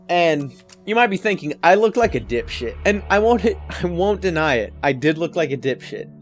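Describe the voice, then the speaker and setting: A man in his twenties telling stand-up stories in a casual, rambling way, often swearing. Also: fairly high pitch. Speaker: comedian. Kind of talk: stand-up storytelling.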